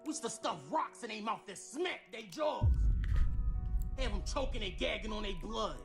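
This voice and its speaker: A man playing a blustering old ex-con, high and swooping. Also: lively intonation, moderate pace, gravelly, music in the background. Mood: indignant. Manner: loud, blustering and threatening, slangy street talk. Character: gruff older ex-con man, touchy and boastful. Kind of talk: comedy skit acting.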